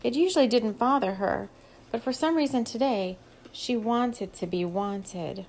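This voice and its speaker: A woman's voice: on the high side, measured pace, a little mellow, slight background noise, poor audio. A woman steadily reading her own novel aloud as an audiobook. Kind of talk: audiobook narration.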